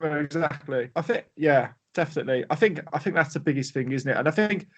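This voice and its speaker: A man's voice: on the high side, fast talker, fairly bright tone. A man with an English accent, a podcast guest chatting in an easygoing, agreeable way. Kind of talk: casual chat.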